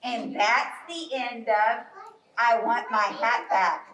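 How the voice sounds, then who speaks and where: A high-voiced woman talks slowly and gently, guiding children through storytime yoga poses. She sounds distant in an echoey library room, with a faint hiss underneath. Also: steady tone. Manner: slow, bright, encouraging instructions. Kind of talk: live storytime yoga class for kids. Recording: roomy, distant, faint noise.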